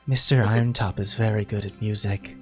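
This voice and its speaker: A man voicing a shy young tiefling woman who speaks quietly and hesitantly. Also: fairly low pitch, steady tone, brisk, pitched below the performer's own voice, close to an everyday voice.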